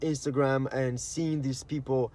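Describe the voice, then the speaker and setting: A man speaks unhurriedly in a mellow, medium-pitched voice with fairly even intonation, with slight background noise. As a spiritual vlogger, he gives a rambling, earnest monologue in slang, heavy on "like" and "you know," acting out inner voices he quotes.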